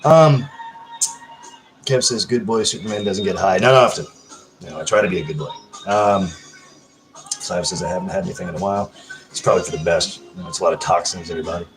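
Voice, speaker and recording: Low-voiced man rambling on a livestream. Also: a little fast, pauses often, music in the background, poor audio. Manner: rambling, profane, hyper. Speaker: livestream host. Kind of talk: casual livestream chat reading comments.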